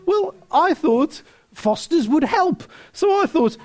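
A man preaching a sermon, telling a story with many restarts and laughter, then turning quieter and earnest. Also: extremely high pitch, big pitch swings, normal speed. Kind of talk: sermon with anecdote.

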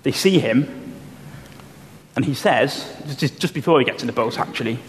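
A man preaching a sermon, explaining Bible passages in a measured way and slowing down to stress key phrases. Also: mid-range voice, animated. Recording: long hall reverb, faint room noise.

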